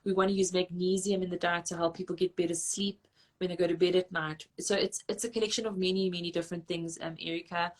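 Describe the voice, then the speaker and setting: Woman dietitian, brisk practical advice, slightly low voice. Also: little pitch movement. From South Africa. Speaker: registered dietitian. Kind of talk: live online Q&A talk.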